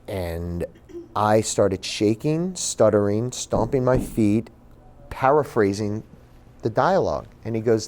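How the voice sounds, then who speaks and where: A man's voice: mid-range voice, normal speed. Man telling his story to an audience. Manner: animated, acts out quoted voices. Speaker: author and speaker. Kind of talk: personal storytelling talk to a live audience. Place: bookstore speaking event.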